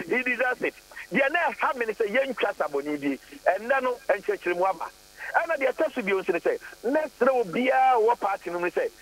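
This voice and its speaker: A man's voice: high-pitched, a bit bright. A man with a Ghanaian accent, phoning in to a radio talk show and speaking in an emphatic, defensive way. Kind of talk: phone-in radio chat. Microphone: phone. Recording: tinny phone line with hum.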